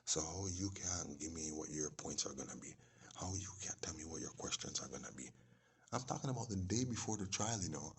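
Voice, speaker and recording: A man's voice: fairly low pitch, creaky, slight background noise. A man telling a long rambling story, often dropping into whispered asides. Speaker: vlogger. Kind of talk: casual storytelling monologue.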